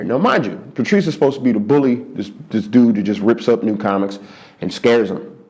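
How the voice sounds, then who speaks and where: A man from the Philadelphia area, around forty, a stand-up comedian telling a story in an interview in a lit studio. He repeats words for emphasis and keeps the telling lively and animated. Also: fairly quick. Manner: animated, repeats for emphasis, jumps into high-pitched voices for quoted people. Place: studio under hot lights.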